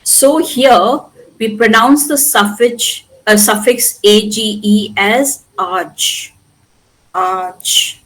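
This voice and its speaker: Slow-paced teacher drilling pronunciation. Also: female voice, on the high side, a bit bright, rough recording. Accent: Indian English. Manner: patient, repeats words slowly for drilling. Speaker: spoken English teacher. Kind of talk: classroom pronunciation lesson.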